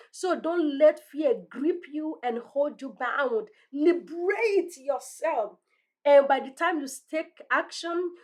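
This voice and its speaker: High-voiced woman giving earnest encouragement. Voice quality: self-described strong, thick accent. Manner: earnest, encouraging, ends in prayer. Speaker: motivational podcast host. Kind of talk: motivational talk. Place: room lined with bookshelves.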